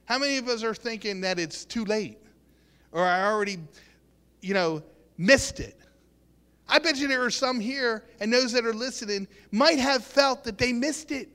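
A man's voice: extremely high pitch, normal speed, bright, forceful tone, clear, resonant tone. A man preaching an earnest sermon, repeating and restarting words and acting out quotes, recorded in a reverberant hall.

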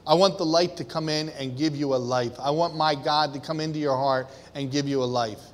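A man preaching a sermon with great passion, swinging from hushed, deliberate lines to loud, emphatic ones. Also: a little high, steady tone. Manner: impassioned, swinging from quiet to shouting. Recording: long reverb of a hall.

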